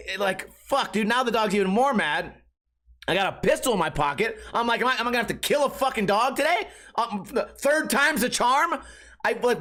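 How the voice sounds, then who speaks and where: A man's voice: sits high, a bit bright. A young man hosting a podcast, telling a story in a casual, profane, exasperated rant. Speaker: podcast host.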